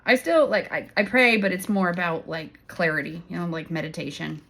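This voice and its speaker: A woman hosting a casual tarot-reading vlog. She talks bluntly and swears, laughs often, and swings between loud bursts and hushed asides. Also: lowish voice, a little fast, gravelly. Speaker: tarot reader and channel host.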